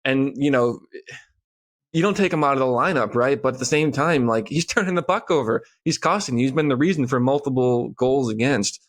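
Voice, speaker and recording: Podcast co-host, man, mid pitch, rapid-fire relaxed game breakdown. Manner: rapid, relaxed analysis with frequent fillers. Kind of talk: casual sports chat.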